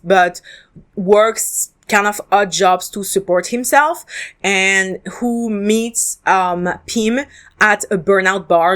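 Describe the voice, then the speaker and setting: A woman talks through her thoughts on a drama in a relaxed solo podcast. She is candid and chatty, with plenty of ums and false starts. Her pitch sits in the middle range for a woman. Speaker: podcast host reviewing dramas. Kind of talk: casual solo podcast review.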